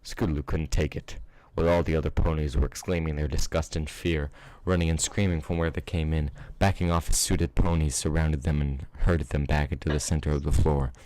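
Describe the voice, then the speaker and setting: A man's voice: very deep voice, fairly quick, few pauses. A man narrating a fan-fiction story aloud, reading steadily with the odd slip. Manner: steady read-aloud with small slips. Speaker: reader.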